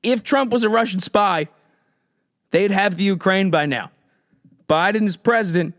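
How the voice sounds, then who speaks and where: A man hosting a podcast, ranting sarcastically about politics in a profane, animated comedic style. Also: sits high, moderate pace, no room sound, clean studio sound. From United States. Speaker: podcast host.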